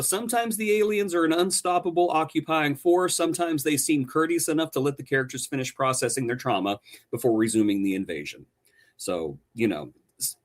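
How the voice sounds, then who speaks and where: A man co-hosting a podcast, reviewing a show with sarcastic, theatrical banter. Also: mid-range voice. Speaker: podcast co-host.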